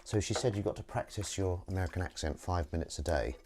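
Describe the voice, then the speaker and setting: A man's voice: sits low, fast talker. A man hosting a casual stream from his home kitchen, chatting and joking with viewers as he washes up. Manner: chatty and rambling, jokey asides to viewers. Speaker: host washing dishes on a livestream. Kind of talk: casual chat while washing up. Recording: dish clatter and water noise. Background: clinking dishes and cutlery.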